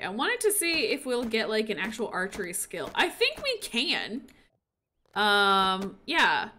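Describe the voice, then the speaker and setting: A woman streaming a life-simulation game with casual commentary, excitable and breaking into gushing squeals over the animals, a little sniffly. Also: fairly high pitch, slight background noise.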